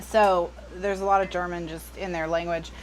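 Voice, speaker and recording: A woman's voice: fairly low pitch, flat delivery, normal speed, slight background noise. An American woman hosting a live crafting stream, chatting casually and wryly, trailing off and restarting as she works. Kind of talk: casual chat while crafting.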